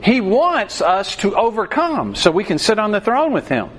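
A man preaching a sermon in a high-pitched voice that rises and falls constantly as he tells the story. His delivery is animated and storytelling-driven. Faint hiss runs under the recording. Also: moderate pace. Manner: animated storytelling, acting out the scripture.

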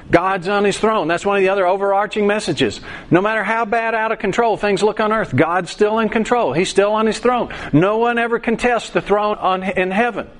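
A man preaching a sermon verse by verse, acting out quoted voices and bursting into song. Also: high-pitched. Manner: animated preacher, acts out voices and sings a line. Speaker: pastor.

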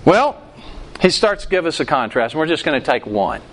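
A man with a fairly high voice preaches to his congregation, tossing them questions and acting out the lines he quotes. Faint background noise sits under the talk. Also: very animated, normal speed, fairly bright tone. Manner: asks the congregation questions, acts out quoted outbursts. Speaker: pastor. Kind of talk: interactive sermon.

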